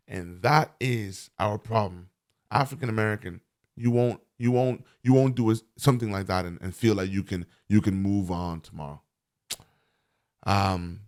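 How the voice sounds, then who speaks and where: A man's voice: mid-range voice, vocal fry. A man vlogging earnest, impassioned commentary to camera, preaching and repeating phrases for emphasis.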